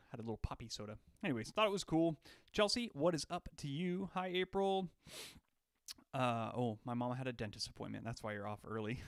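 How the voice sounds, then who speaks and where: A young man from Alaska chats casually on a live stream, joking and greeting viewers by name. His voice sits in an ordinary middle pitch. The sound is dry and close, with no room around it. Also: dry recording. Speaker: livestream host. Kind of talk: casual livestream chat. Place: on his home deck.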